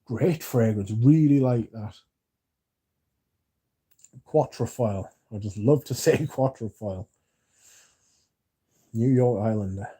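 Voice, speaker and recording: A man's voice: fairly low pitch, measured pace, pauses often, dark tone. A young British man hosting a casual livestream, chatting loosely and reading out viewer comments, drowsy, with lots of filler words. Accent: British English. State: drowsy, yawning. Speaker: livestream host reading chat.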